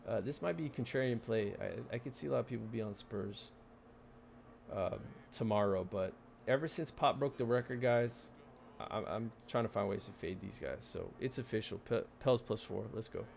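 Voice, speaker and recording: A man's voice: on the low side, normal speed, creaky, darkish tone, slight background noise. A man hosting a casual sports betting livestream, stammering and repeating words as he talks picks and reads the chat.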